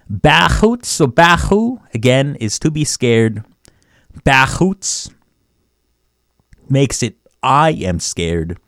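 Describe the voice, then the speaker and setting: A man leads a relaxed language lesson over a studio mic, sounding each phrase out slowly and often. His pitch swings widely as he goes, and the sound is close and dry with no room around it. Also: no echo. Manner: repeats phrases slowly, chuckles often, chatty asides. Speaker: language teacher on a community radio show.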